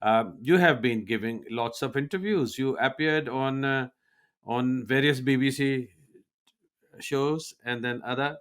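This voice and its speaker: Male interviewer, hesitant, lots of fillers, middle-pitched voice. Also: measured pace, a bit bright. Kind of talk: interview questions.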